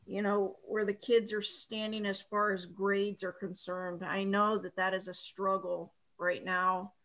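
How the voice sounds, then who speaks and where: A woman on a school board, also a parent, giving sympathetic, measured comments at a meeting. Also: mid-range voice, level tone, a bit bright, poor audio.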